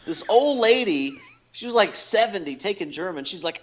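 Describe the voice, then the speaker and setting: A man's voice: sits high, expressive, moderate pace, fairly bright tone. A man co-hosting a podcast in casual, jokey chat, fond of doing voices. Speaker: podcast co-host.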